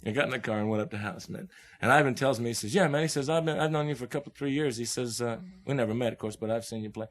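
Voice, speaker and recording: A young Oklahoma man, a guest musician, tells stories casually in a mid-range voice, racing along with few pauses. He uses laid-back hip slang and laughs often while acting out the people in his tales.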